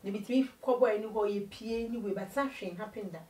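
A woman recounts her life story as an interview guest, her storytelling animated and moving between two languages. She sits well back from the mic in a roomy, echoing space. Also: medium pitch, fast talker, far from the mic. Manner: animated storytelling, mixing Twi and English.

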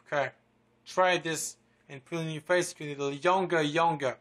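Bright-voiced rambling man, boastful vlogger. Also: fairly high pitch, steady tone, a little fast. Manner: rambling, repeats words, swears a lot, boastful. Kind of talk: rambling casual vlog.

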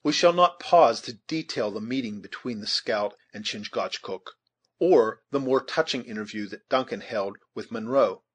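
Narrating an audiobook, a man with a husky, medium-pitched voice tells the story in a measured, steady way.

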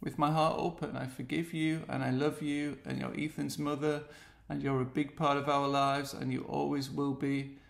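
A man's voice: a little high, flat delivery, moderate pace, creaky, echoey room. An English man with an earnest, heartfelt and pleading manner, speaking straight to the camera in a personal video message.

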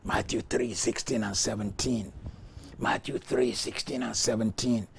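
A male pastor preaching a sermon with rhythmic, repeated declarations and prayer in tongues. He moves between hushed whispers and loud shouts. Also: lowish voice, steady tone, a little slow, creaky, a little hiss or hum.

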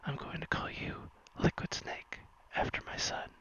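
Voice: normal speed, pushed and bright, close to an everyday voice, rough recording. A streamer whispering the repetitive lines of an old male zoo owner, as whispered role-play. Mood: musing.

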